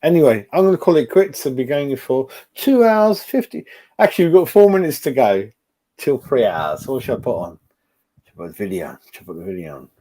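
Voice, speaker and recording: Man, fan-channel host, live-stream rant, rambling and sweary, warm darker tone. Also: mid-range voice, big pitch swings, brisk. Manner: ranting, heavy swearing, rambling asides. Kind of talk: live-stream match reaction.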